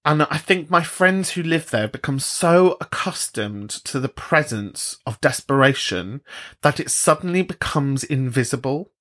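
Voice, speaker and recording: A British man hosting a podcast, chatting casually and swearing freely, often jumping into high mocking voices. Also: animated, a little slow, fairly bright tone. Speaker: podcast host. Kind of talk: casual chat.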